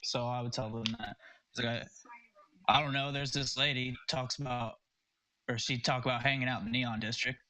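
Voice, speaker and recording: A man's voice: mid-range voice, fairly even intonation, fairly quick, sharp tone, low-quality recording. A man playing a tabletop game, hesitant and thinking aloud. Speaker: player. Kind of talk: casual tabletop play.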